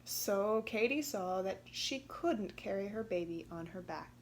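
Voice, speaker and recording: Woman reader, children's picture book, slow and expressive, lively swoops. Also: medium pitch, slight background noise. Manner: expressive, gently emphatic. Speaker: storybook reader. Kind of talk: children's storybook read-aloud.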